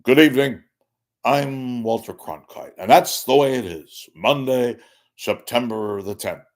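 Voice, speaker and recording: A man putting on an impression of a veteran male television news anchor, formal and measured. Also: medium pitch, vocal fry, voice pushed up.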